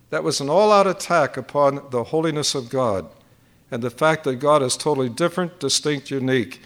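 A man's voice: mid-range voice, a bit bright. An older man preaching at a conference, teaching point by point and repeating key phrases for emphasis. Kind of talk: sermon.

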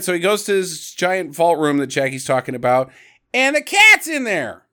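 Podcast co-host, male, high and very lively voice, jokey recap chat with character impressions. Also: normal speed, clear, resonant tone. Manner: animated, jokey, mimics characters. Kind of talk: casual movie recap chat.

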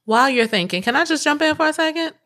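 A woman co-hosting a casual podcast chat, talking bluntly and profanely with animated storytelling into a studio mic. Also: high-pitched, fast. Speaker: podcast co-host.

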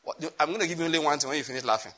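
Bright-voiced preacher. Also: male voice, fairly high pitch, racing. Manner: animated, laughing, acting out dialogue. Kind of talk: sermon.

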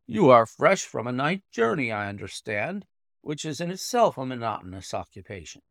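A man voicing a middle-aged Victorian doctor, brisk and measured in speech. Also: medium pitch, big pitch swings, vocal fry, a bit bright, no room sound, clean studio sound. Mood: concerned.

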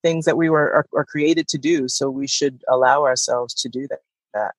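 A woman's voice: a bass voice, fairly even intonation, normal speed, dry recording, low-quality recording. A woman co-hosting a podcast, talking thoughtfully in a loose, rambling way with restarts. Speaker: podcast co-host. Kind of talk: casual conversation.

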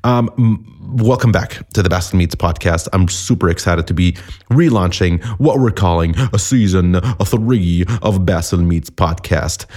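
Deep-voiced, chatty podcast host. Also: male voice, measured pace, a little mellow. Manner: chatty and self-deprecating. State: sniffly from a cold. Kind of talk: casual podcast monologue.

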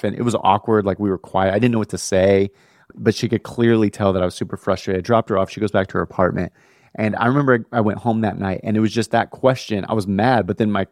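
Young male pastor-host, low voice, dry close mic, casual slangy storyteller. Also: no room sound. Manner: animated, slangy, says bro and dude.

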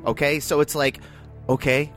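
A man on a movie podcast with a slightly high voice that moves a lot, talking fast and heated, swearing freely, with faint music underneath. He defends his points forcefully in casual chat. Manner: animated, profane, argumentative. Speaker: podcast co-host.

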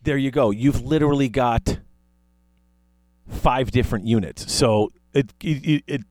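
A man's voice: mid-range voice, measured pace, darkish tone, dry recording. Man, podcast host, casual chat, rambling, self-correcting, dry close recording.

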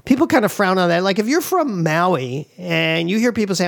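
Chatty man with a gravelly high voice. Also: animated, normal speed, fairly bright tone. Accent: slight Hawaiian Pidgin tinge. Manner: chatty, rambling, many fillers. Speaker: vlogger giving local tips. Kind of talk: casual chat.

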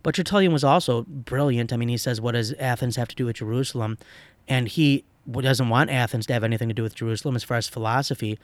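A man who teaches and once led a parish, explaining church history in a relaxed, chatty way with many fillers and restarts. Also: medium pitch, fast talker, no echo. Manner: conversational, lively, with fillers and self-corrections. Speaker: podcast co-host, pastor and teacher. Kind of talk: casual theological discussion.

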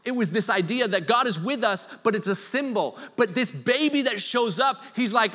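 A man preaching a sermon, conversational with joking asides, swinging from loud to hushed. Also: high voice, expressive, moderate pace, hardly any pauses, big-room sound. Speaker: pastor.

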